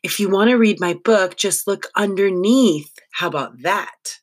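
A reader voicing a talkative, excitable know-it-all boy who lectures eagerly, in an audiobook. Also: mid-range voice, close to an everyday voice. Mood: excited. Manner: lecturing, quick to explain. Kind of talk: audiobook reading.

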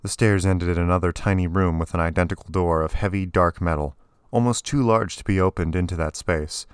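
A man reading scripted story narration in a steady, even way. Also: low voice, brisk, clean tone, no room sound, clean studio sound. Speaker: audiobook narrator.

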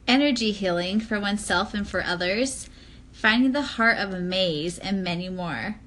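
A woman's voice: medium pitch, a bit bright. A woman co-hosting a casual chat podcast, reading from notes and chatting with frequent "like" fillers. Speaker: podcast co-host.

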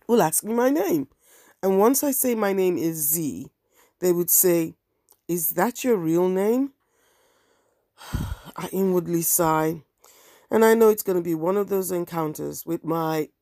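A woman's voice: fairly low pitch, gravelly, dark tone, dry recording, studio quality. A woman hosting her own podcast, talking candidly in a wry, ranting monologue. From African heritage. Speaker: podcast host and bookseller.

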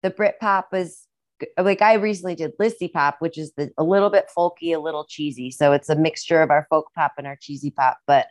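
She's a young Midwestern musician appearing as a podcast guest, talking casually and somewhat ramblingly. Her voice sits low, her delivery is brisk, and the sound has no echo.

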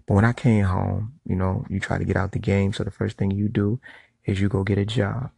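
A man's voice: low-pitched, level tone, fairly quick, vocal fry, darkish tone, breathy edge, no echo. A middle-aged man giving a blunt, profane monologue to camera, telling street stories. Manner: storytelling. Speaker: vlogger.

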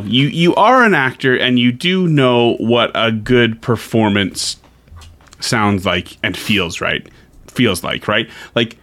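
A man with a mid-range voice speaks in a lively, expressive way, with his pitch moving a lot. He chats eagerly and often breaks into laughter, like a co-host talking about games and films. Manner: lively and enthusiastic, with frequent laughter. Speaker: podcast co-host.

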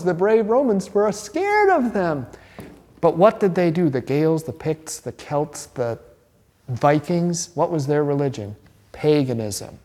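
Chatty pastor teaching a class, reverberant hall. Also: male voice, mid-range voice. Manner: animated, chatty, asks the class questions.

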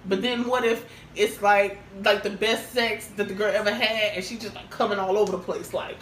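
A woman's voice: medium pitch, normal speed. Frank, laughing woman podcast co-host. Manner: frank, crude and laughing, animated storyteller. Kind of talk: casual podcast chat. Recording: roomy, distant mic with faint hiss.

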